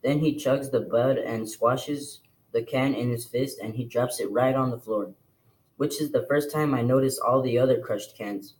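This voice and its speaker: A man reading a novel aloud to a class in plain, steady storytelling. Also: mid-range voice, moderate pace, rough recording. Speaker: reader.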